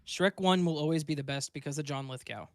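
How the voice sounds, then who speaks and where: A man's voice: a little high, brisk, no room sound, studio quality. A man who narrates stories, co-hosting a podcast in blunt, casual chat and swearing freely. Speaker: podcast host and story narrator.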